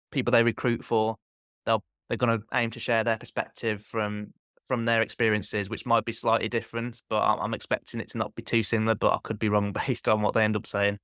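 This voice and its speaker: Man, podcast host, casual chat, clear voice, dry sound. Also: on the low side, a bit bright, dry recording. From Black Country, England.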